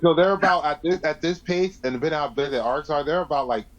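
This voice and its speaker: A man's voice: on the high side, quick pace, lo-fi sound. A man co-hosting a casual podcast, talking bluntly and swearing as he rants like a fan. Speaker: podcast co-host. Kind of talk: casual chat.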